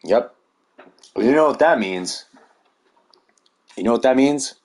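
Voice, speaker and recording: A man's voice: medium pitch, expressive, takes it slowly, a little mellow. A man delivering a rambling, heated monologue full of swearing. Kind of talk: ranting monologue.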